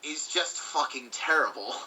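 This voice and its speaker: A man's voice: a little high, lively intonation, normal speed, sharp tone, recorded from a distance, a little hiss or hum, poor audio. A man co-hosting a casual movie-review chat, swearing freely and acting out quotes. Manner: swears freely, acts out quotes in funny voices. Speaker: co-host.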